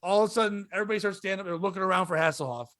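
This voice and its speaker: A comedian telling a rowdy story on a podcast, laughing through it. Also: male voice, high-pitched, racing, a bit bright, no echo. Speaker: comedian guest.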